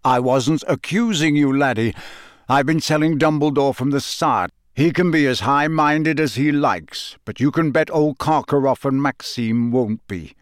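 A man voicing a gruff, grizzled old wizard, blunt and suspicious, with a growling delivery. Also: medium pitch, measured pace, no echo, clean studio sound, voice pushed up, lightly acted.

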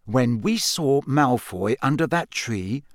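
A man's voice: high voice, big pitch swings, moderate pace, a bit bright, no room sound, studio quality, voice pushed up. A man reading aloud and voicing a blunt, disbelieving teenage schoolboy. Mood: incredulous.

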